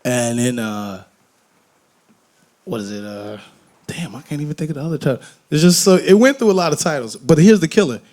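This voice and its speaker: A man from Detroit talking candidly on a festival stage, telling animated, profane, joking stories and acting out voices. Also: fairly high pitch, brisk. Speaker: guest musician on stage. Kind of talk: candid onstage conversation. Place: festival main stage before an audience.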